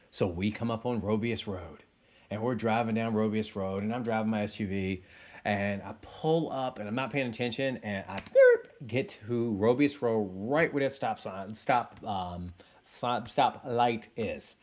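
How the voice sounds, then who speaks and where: A man in his thirties telling a casual personal story to his listeners, animated and playing out his own inner voice. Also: on the low side, normal speed. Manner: animated, acts out sounds and inner voice. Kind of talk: casual anecdote told to listeners.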